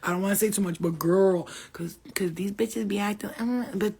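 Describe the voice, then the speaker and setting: A woman host telling stories on a casual livestream, blunt, profane and animated. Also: mid-range voice, moderate pace, creaky, slightly rough. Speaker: host talking about spirit guides.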